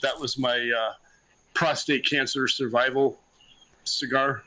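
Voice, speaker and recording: Bright-voiced man in easygoing chat. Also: medium pitch, steady tone, measured pace, no room sound, low-quality recording. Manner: blunt, easygoing, with mild swearing. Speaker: podcast co-host. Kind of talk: casual chat.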